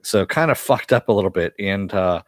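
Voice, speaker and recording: A man with a lowish voice talks through a TV episode in a relaxed, rambling recap, with lots of "uh" fillers and a bit of swearing. The sound is close and dry, with no room around it. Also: moderate pace, no room sound. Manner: chatty, loose retelling with frequent uh fillers and mild profanity. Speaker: TV series reviewer.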